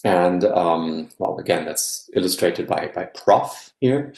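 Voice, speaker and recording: A man giving an academic guest lecture, explaining step by step and often checking in with a quick "yeah?". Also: deep voice, gravelly, a little mellow, reverberant.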